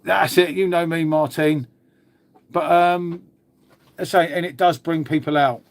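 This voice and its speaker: A man hosts a casual live stream, chatting with viewers, reacting to their comments and constantly calling people "mate." His voice is on the high side, with a steady tone and a measured pace.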